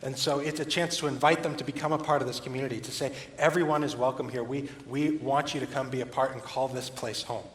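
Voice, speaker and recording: A man giving church announcements in a quick, enthusiastic, inviting way. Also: mid-range voice, fairly even intonation. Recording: echoey hall from far off with faint noise.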